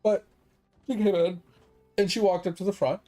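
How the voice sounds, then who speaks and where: A man's voice: high voice, fairly even intonation, moderate pace, mellow, soft background music. A man streaming games while telling a story, chatty and full of swearing as he rants. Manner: profane, fired-up storytelling; chatty, with many fillers. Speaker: gaming streamer. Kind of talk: casual livestream rant.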